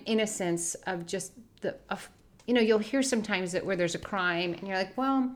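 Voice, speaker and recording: A woman's voice: medium pitch, normal speed. A young adult woman co-hosting a faith podcast, telling a personal story in an earnest, reflective way. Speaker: podcast co-host.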